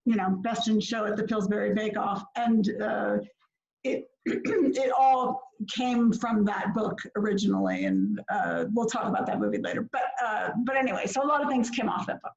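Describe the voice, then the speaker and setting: A woman's voice: medium pitch, normal speed, creaky, darkish tone. A woman from Minnesota, a filmmaker guest, chatting casually with lots of fillers and laughter. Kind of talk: casual interview chat. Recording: echoey lo-fi video call audio.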